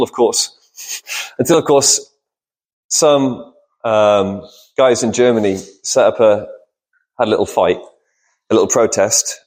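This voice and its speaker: A man's voice: a little high, darkish tone. A man preaching a sermon in a church, talking with the congregation, asking questions and answering them himself.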